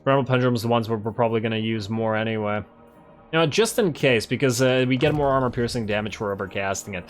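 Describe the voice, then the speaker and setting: A man hosting a let's play, casually commenting on a strategy game while thinking aloud, correcting himself and getting excited. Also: medium pitch, faint music behind. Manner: excitable, quick to laugh.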